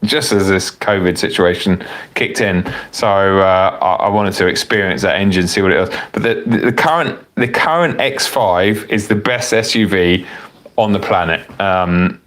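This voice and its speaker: Casting note: low-voiced man hosting a live car Q&A, loose and chatty, a bit tipsy. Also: normal speed, fairly bright tone. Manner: rambling, self-correcting, chatty with frequent fillers. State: tipsy from wine. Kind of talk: casual live-stream chat reading viewer comments.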